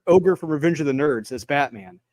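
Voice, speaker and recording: A man's voice: fairly high pitch, lively intonation, a little fast, a little mellow, dry recording, clean studio sound. A man in a casual panel chat who talks bluntly and repeats himself for emphasis. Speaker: panel guest.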